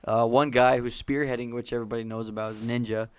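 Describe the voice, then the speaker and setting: A man chatting casually on a gaming podcast. He rambles, corrects himself mid-sentence and loops back to his point, clearly keen on video games. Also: medium pitch, steady tone, fast. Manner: rambling, self-correcting, eager about gaming. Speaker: podcast co-host. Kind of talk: casual chat.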